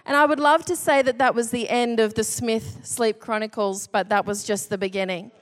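A woman in her thirties telling a funny personal anecdote in an animated, self-deprecating way. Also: on the high side, moderate pace. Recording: long hall reverb.

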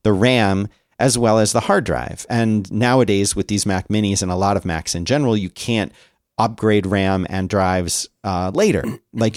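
A man's voice: lowish voice, smooth, no echo. Casual rambling man, dry close mic. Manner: rambling storyteller with many fillers. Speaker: podcast co-host. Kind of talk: casual chat.

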